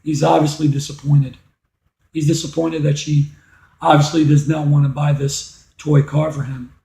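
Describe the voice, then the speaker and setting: A man's voice: on the high side, level tone, moderate pace, gravelly, warm tone. A man teaching a reading lesson, explaining step by step and asking rhetorical questions. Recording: echoey room.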